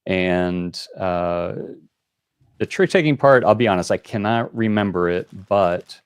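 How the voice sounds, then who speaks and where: A man's voice: low voice, measured pace, smooth, dry recording, studio quality. A man hosting a board game call-in show, explaining rules in a rambling, casual way with many fillers.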